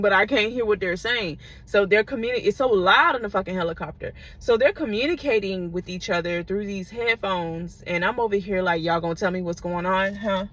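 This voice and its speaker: A woman's voice: mid-range voice, a bit bright. A woman vlogger telling a personal story in a casual, digressive, profane way, often checking in with her listeners.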